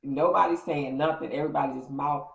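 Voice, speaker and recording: A woman vlogger telling a story in a casual, animated way, acting out quotes with big jumps in pitch. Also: fast talker, gravelly, echoey room, lo-fi sound.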